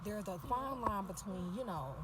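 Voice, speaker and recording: A woman's voice: medium pitch, animated, normal speed, heavy background noise. A woman vlogging casually and venting her frustration with lots of swearing. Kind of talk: casual vlog check-in. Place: tire shop, then hotel.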